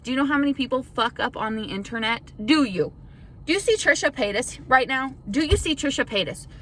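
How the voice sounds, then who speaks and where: A woman's voice: high-pitched, animated, fairly quick, a bit bright, a little hiss or hum, rough recording. A young woman YouTuber in a casual vlog rant, frustrated and defensive. She swears often and rambles with lots of "like". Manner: rambling with filler "like".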